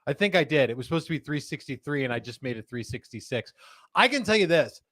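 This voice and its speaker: A man hosting a live studio show, hyped and jokey, swinging between loud calls and quiet asides. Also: a little high, very animated, fast talker, no room sound. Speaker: host.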